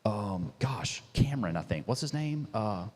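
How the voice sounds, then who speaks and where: A man, a business founder, telling his story in a casual, animated way full of "dude" and "like". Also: lowish voice, moderate pace, big-room sound.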